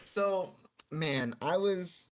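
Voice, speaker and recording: A man who runs esports tournaments, chatting on a podcast. He jokes and boasts, then explains his plans in slow, careful detail. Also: sits high, slight background noise. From Texas. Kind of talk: casual podcast chat.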